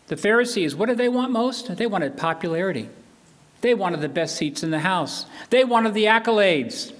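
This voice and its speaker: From the pulpit, an older pastor preaches a sermon earnestly and emphatically, his voice high for a man and a bit bright. He's animated at a moderate pace and hammers his points home by repeating phrases.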